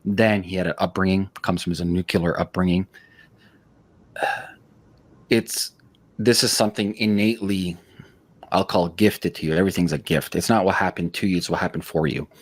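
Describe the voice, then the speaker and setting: A man with a deep, low voice hosting a casual podcast chat. He talks bluntly and swears freely, with restless, hyperactive energy. The sound is dry and close, with no room echo. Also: fairly even intonation, normal speed, pauses often. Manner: blunt, profane, high-energy storytelling; self-described hyperactive. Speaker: podcast host.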